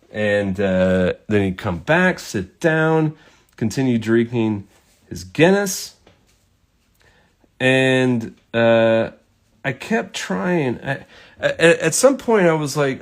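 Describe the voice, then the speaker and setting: A man's voice: medium pitch, very animated, takes it slowly. Casual male storyteller, talks while painting, rambling and profane. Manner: rambling, swears, lots of fillers.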